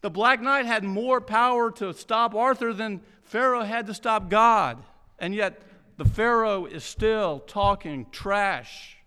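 A male pastor preaches a sermon, retelling stories with animated energy and frequent restarts. His voice is high and bright. The sound carries the long reverb of a church hall. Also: clean tone.

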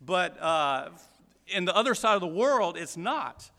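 Slow, bright-voiced man from Georgia teaching Scripture. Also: high-pitched, very animated, creaky, big-room sound. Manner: explanatory, deliberate, emphatic repetition. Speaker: Bible teacher. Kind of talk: verse-by-verse Bible teaching.

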